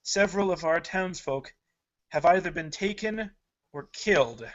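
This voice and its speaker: A man's voice: mid-range voice, unhurried, fairly bright tone, lightly acted. A man voicing a stern, commanding female priestess leader, with dull lo-fi audio. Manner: firm, authoritative pleading.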